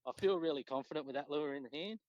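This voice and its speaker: A man with an Australian accent, a podcast guest telling fishing stories in a relaxed, swearing, casual way. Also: rapid-fire. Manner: laid-back, swears freely, acts out quotes with pitch jumps. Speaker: podcast guest, tournament angler. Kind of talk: casual storytelling chat. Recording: dull lo-fi dry sound.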